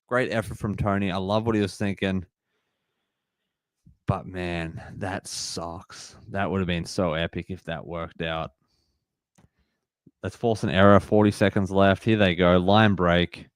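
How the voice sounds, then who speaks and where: A man's voice: sits low, fairly even intonation, takes it slowly, pauses often, clean tone, no room sound, clean studio sound. A young man hosting a live sports watch-along, frustrated at calls and reading chat messages aloud. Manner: frustrated, reacts to plays and reads chat aloud. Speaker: livestream host.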